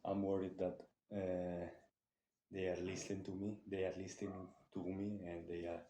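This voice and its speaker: A man vlogging to camera during his workout in a gym, speaking halting non-native English full of restarts. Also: sits low, level tone, mellow, roomy sound, a little hiss or hum. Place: gym, indoors.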